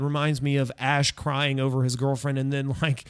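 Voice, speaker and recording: A man's voice: mid-range voice, fairly even intonation, normal speed, few pauses, a bit bright, clean tone, dry recording, clean studio sound. A man hosting a casual horror-movie podcast, rambling and correcting himself as he searches for words. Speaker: podcast host. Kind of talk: casual film discussion.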